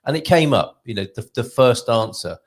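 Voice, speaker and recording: A man's voice: medium pitch, lively intonation, normal speed, slightly rough. A middle-aged man co-hosting a casual live-stream show, talking with frequent hesitations and restarts. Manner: hesitant, many fillers and restarts.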